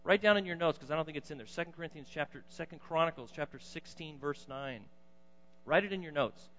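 A man preaching a sermon, swinging between loud emphatic bursts and quiet low asides. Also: quick pace. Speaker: pastor. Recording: dull lo-fi sound in a reverberant hall.

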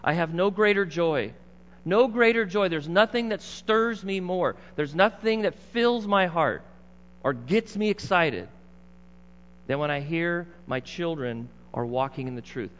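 Middle-aged male pastor, slightly high voice, emphatic conversational sermon, muffled recording with long hall reverb. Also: a bit bright. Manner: conversational, emphatic preaching with asides to the congregation.

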